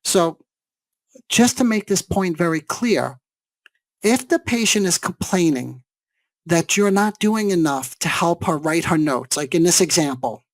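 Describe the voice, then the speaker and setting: A man's voice: high-pitched, no echo. A man giving a seminar lecture on therapy, explaining step by step and checking in with rhetorical questions. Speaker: psychologist teaching a seminar.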